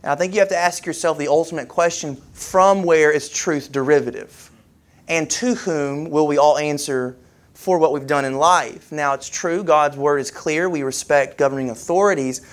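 A man delivering a sermon as pastor, his voice a little rough from a head cold, talking in a conversational way with pauses and fillers. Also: on the high side.

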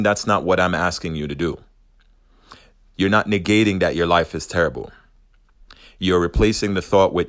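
A man's voice: sits low, moderate pace, long pauses, a bit bright, no room sound, studio quality. A man giving an earnest, reflective spiritual self-help talk, wandering a little and correcting himself as he goes. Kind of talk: motivational monologue.

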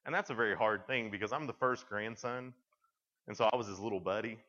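A man's voice: on the low side, fast, bright, forceful tone, big-room sound. Young man speaking to teens, lo-fi. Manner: conversational storytelling with frequent restarts. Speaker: youth speaker. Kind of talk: talk to junior high students. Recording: dull lo-fi sound.

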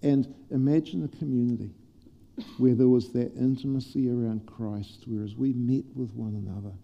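A man preaching a sermon to a congregation, playful and lively at first and then quiet and prayerful. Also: medium pitch, normal speed, gravelly, big-room sound. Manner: animated, humorous preaching that turns soft and prayerful. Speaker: pastor. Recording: dull lo-fi church sermon recording.

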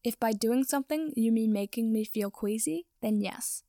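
A woman's voice: on the high side, moderate pace, warm tone, no echo, lightly acted. A woman voicing a sarcastic, dry-witted teenage boy wizard.

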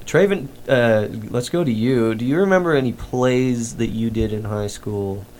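A man's voice: medium pitch, moderate pace, a little mellow, slight background noise. A man hosting a podcast in casual chat, rambling with lots of fillers and restarts. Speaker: podcast host.

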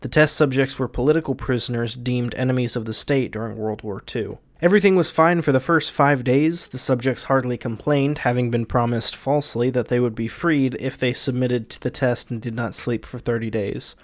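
A man's voice: medium pitch, moderate pace, hardly any pauses. A young man hosting a podcast, bantering with casual profanity and reading a creepypasta aloud. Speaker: podcast host.

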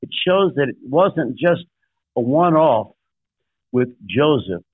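A man's voice: medium pitch, lively intonation, slow pace, husky, no echo. An older man, a guest pastor, telling a story in a sermon-like way, making emphatic numbered points and acting out quotes. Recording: dry, tinny phone-like line.

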